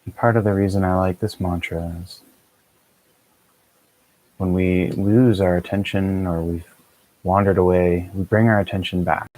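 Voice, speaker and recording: A man with a very low voice leads a guided meditation, calm and measured. His delivery stays flat and even, with little rise or fall. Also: rough recording. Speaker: meditation teacher.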